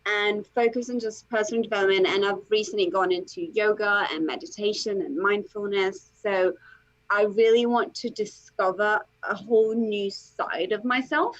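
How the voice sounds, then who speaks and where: A woman coach speaks emphatically and with lively energy, dropping "okay" and "like" between her points. Her voice has a middle pitch. The call audio sounds slightly dull and muffled. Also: normal speed. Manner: animated, emphatic, uses lots of "okay" and "like". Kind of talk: interview guest.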